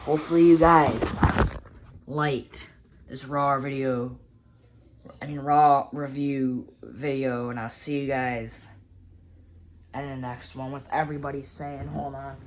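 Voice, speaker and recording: A woman with a notably low-pitched voice talks through a wrestling show in a casual video review. Her recap rambles and gets excitable, padded with fillers. A faint ambient hiss sits under the voice. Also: slow, pauses often. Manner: rambling, excitable recap full of "you know" and "like".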